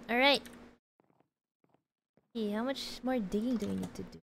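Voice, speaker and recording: A woman's voice: fairly high pitch, unhurried, creaky, a bit bright, a little hiss or hum, low-quality recording. A woman streaming a game, chatting casually, answering chat and laughing often.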